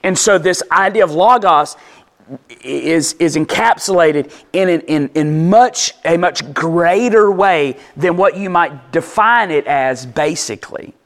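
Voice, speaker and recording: A man's voice: on the high side, a little slow. A man teaching a sermon in a casual, conversational way, often checking in with listeners and repeating words as he explains. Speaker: pastor.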